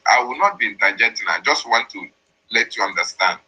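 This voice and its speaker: A man's voice: lowish voice, animated, brisk, sharp tone, slightly rough, rough recording. A man, explaining and interpreting a played voice message in a repetitive, emphatic way. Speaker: commentator.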